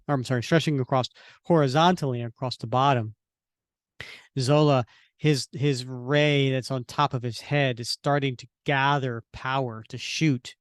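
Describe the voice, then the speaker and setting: A man's voice: mid-range voice, clear, resonant tone, no echo, clean studio sound. A man co-hosting a podcast, describing comic book panels and correcting himself as he goes. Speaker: podcast co-host. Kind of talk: comic book reading and discussion.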